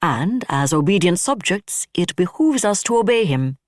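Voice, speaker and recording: A narrator voicing a brisk, wry female admiral who speaks firmly and solemnly. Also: mid-range voice, very animated, dry recording, clean studio sound, natural voice. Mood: mock-stern. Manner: firm and solemn.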